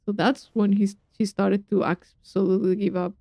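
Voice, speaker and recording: A woman's voice: medium pitch, level tone, moderate pace, vocal fry, mellow, no echo. Woman, game streamer, emotional reactions, reads game text aloud, dry close sound. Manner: drops into Spanish slang asides. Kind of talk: casual gaming stream chat.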